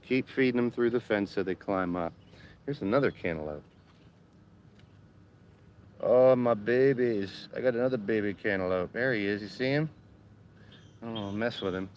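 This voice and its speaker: A man chatting casually on a live stream from his home garden, excitable and talkative. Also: medium pitch, a little hiss or hum. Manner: excitable, chatty, cheering bees on.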